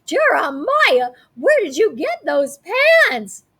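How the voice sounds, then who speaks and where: A woman voicing a bossy, cheerful kindergarten teacher who talks slowly and emphatically. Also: high voice, very animated, fairly bright tone, pitched above the performer's own voice, heavily acted. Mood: praising. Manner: slow, sing-song, emphatic.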